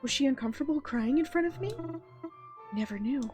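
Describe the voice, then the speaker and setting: A woman voicing a gentle, loyal ghost sheep in a high, cooing, earnest voice as she reads game dialogue aloud. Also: lively intonation, fairly quick. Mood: tender. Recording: game music underneath.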